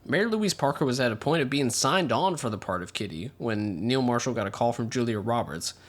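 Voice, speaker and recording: A man's voice: mid-range voice, expressive. A man co-hosting a casual film podcast, reading out trivia and joking between items. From United States. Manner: jokey, reads trivia, slips into quick silly impressions. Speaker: podcast co-host.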